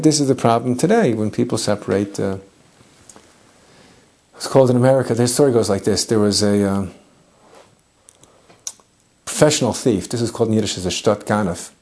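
Warm-voiced man telling a lively lesson. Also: medium pitch, fairly quick, pauses often. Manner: lively, humorous, sprinkled with Hebrew and Yiddish terms. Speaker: Torah teacher. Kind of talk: animated biblical storytelling lesson.

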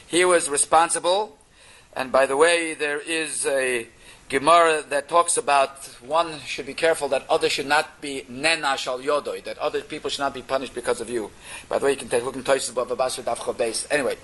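A man telling a Torah story in an animated way, mixing Yiddish and Hebrew terms into his English. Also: mid-range voice, brisk, poor audio.

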